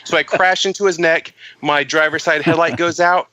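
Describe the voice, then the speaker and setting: A man's voice: fairly high pitch, steady tone, moderate pace, sharp tone, dull audio. A man telling a comic, profane story as a podcast guest, acting out the voices of the people in it.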